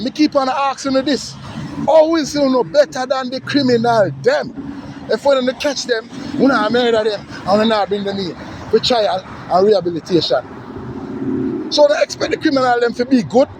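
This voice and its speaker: Jamaican guy going off in thick patois, high voice, cussing and repeating himself, faint street noise behind. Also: normal speed. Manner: heated, cursing, repetitive, preaching to listeners. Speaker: social media commentator. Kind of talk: angry rant.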